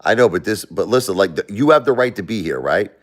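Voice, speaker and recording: A man's voice: on the low side, animated, fast talker. A middle-aged man from the United States hosting a livestream, talking bluntly and emotionally, confronting his viewers as he goes. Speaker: livestream host. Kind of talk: livestream rant.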